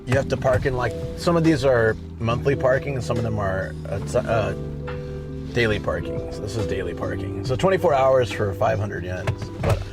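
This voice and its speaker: A man's voice: medium pitch, expressive, moderate pace, music in the background. A man hosting a live stream, chatting casually and answering viewers as he goes, by a car at a parking lot.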